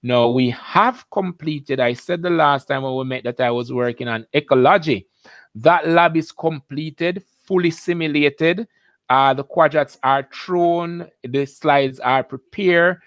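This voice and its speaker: A man's voice: a little high, a little slow, a bit bright, no echo. A Jamaican man, a biology teacher, hosting a live-stream lesson, chatty and upbeat as he greets viewers by name.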